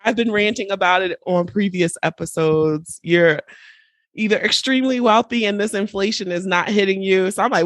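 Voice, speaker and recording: A lively, chatty woman hosts a podcast, her voice a little stuffy and congested from allergies. She speaks at a middling pitch, with a dry, close sound and no room echo. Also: moderate pace. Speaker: podcast host. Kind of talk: casual podcast chat.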